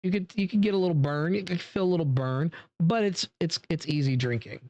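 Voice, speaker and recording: A wine reviewer giving a casual tasting review, chatty and relaxed, with many fillers, talking straight to viewers. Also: mid-range voice, brisk, no room sound, dull audio.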